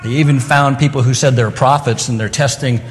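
A middle-aged man delivers an evening sermon, talking earnestly and conversationally and slipping into the voices of the people he quotes. His voice sits at an ordinary mid pitch. A long hall reverb trails after each phrase. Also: steady tone, a little fast, slight background noise. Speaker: preacher.

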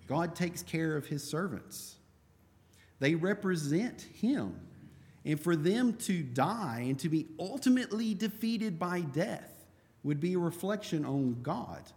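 A man's voice: on the high side, darkish tone, in a large hall. A man teaching a Bible class in an earnest way, asking questions and answering them himself.

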